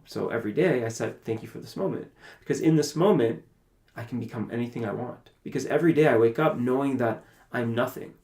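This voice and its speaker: A Canadian man appearing as a podcast guest tells a personal story with animation, acting out conversations he once had. His voice is medium-pitched, and the recording has the echo of a roomy space.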